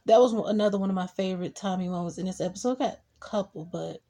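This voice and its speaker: A young woman recapping a TV episode in a casual, animated way, acting out the characters' lines as she goes. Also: medium pitch, fast. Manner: animated retelling with acted quotes. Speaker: TV show reviewer.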